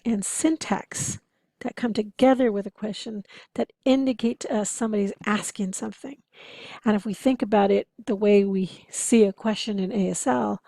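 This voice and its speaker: Female instructor, encouraging lecture tone, mellow voice with a dry, close sound. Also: medium pitch, creaky, dry recording. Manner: explanatory, encouraging, occasionally laughing. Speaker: interpreting instructor. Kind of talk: recorded lecture over slides.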